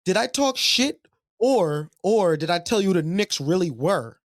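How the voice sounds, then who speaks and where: A man's voice: high voice, animated, unhurried, no room sound, clean studio sound. A man co-hosting a sports podcast, repeating his points emphatically and swearing in casual banter. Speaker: podcast co-host.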